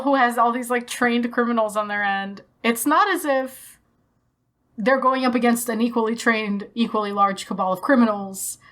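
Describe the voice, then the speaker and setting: Upbeat higher-voiced woman podcast co-host. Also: fairly bright tone. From Texas, USA. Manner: enthusiastic, swears casually, quick bursts. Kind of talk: casual chat.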